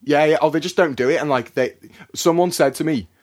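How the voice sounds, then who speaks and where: A man's voice: fairly high pitch, fairly quick. A young man co-hosting a podcast, chatting casually and telling stories with lots of "mate". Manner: chatty storyteller, says "mate" often. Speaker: podcast co-host. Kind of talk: casual chat.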